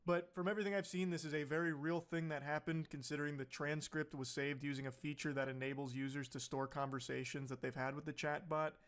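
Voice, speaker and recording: A man's voice: fairly high pitch, flat delivery, quick pace, hardly any pauses, a bit bright. Sarcastic, swearing young man. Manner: sarcastic, joking, swears freely. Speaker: commentary video host. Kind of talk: casual news commentary.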